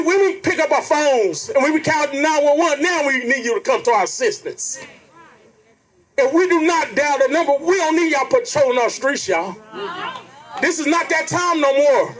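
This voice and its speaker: A man with a very high-pitched, slightly bright voice gives an impassioned protest speech at an outdoor rally. He is earnest and preacherly, repeatedly calling out to the crowd and addressing them directly. The recording is low quality.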